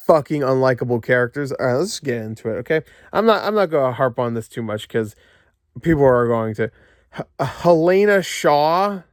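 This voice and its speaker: A man's voice: a little high, no echo, clean studio sound. A man ranting sarcastically about a movie, swearing often and stumbling through fillers. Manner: sarcastic, profane, frustrated ranting with frequent fillers. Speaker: movie reviewer. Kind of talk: casual ranting review. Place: lying in bed at home.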